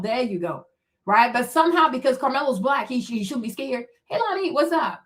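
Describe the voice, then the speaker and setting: A woman's voice: high-pitched, big pitch swings, a little fast. A woman hosting a livestream, giving heated, blunt, profane commentary and talking back to her chat. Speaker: livestream host.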